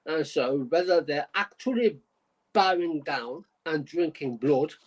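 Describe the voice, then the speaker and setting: A man co-hosting a podcast, reading out a news story in a halting, amused way and restarting his sentences. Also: fairly high pitch, background noise. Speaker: podcast co-host.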